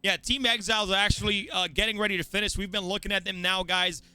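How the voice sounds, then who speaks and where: High, bright-voiced man from the Virgin Islands. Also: fairly even intonation, quick pace, clean tone, rough recording. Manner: chatty, rambling, frequent restarts. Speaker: esports commentator. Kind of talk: live race commentary.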